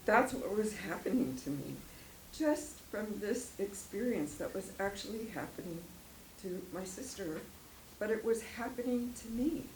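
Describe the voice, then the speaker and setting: Older lady sharing her story at church, slow and emotional, laughs a lot, echoey hall with a bit of hiss. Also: mid-range voice, animated, a little mellow. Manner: emotional, rambling, laughs often. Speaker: guest speaker. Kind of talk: personal testimony talk. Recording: echoey room, faint noise.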